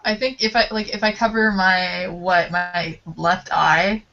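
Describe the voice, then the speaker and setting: A woman's voice: fairly low pitch, little pitch movement, unhurried, gravelly, sharp tone. A young woman chatting casually, giggly, telling stories with lots of "I was like". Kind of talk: casual chat. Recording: dull lo-fi call audio.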